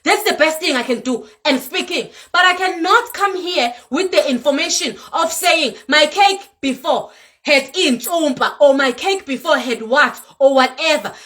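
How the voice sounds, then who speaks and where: High-voiced South African woman ranting. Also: moderate pace. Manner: animated, scolding, mixes Zulu words into English. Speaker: vlogger. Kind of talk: ranting to viewers. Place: home in Europe.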